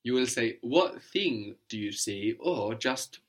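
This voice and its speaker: A man's voice: mid-range voice, animated, slow pace. A man teaching a language lesson, explaining patiently step by step and checking in with "no?".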